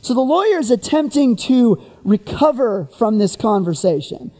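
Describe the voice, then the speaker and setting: A preacher giving a sermon, who retells the story in an animated way and keeps asking the listeners rhetorical questions. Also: medium pitch, moderate pace, big-room sound.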